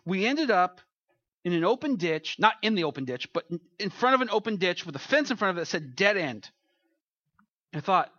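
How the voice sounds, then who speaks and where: A man's voice: high-pitched, sing-song, moderate pace, pushed and bright, no echo, lo-fi sound. A man preaching a sermon, telling funny road-trip stories in a chatty, joking way before turning to scripture. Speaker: pastor.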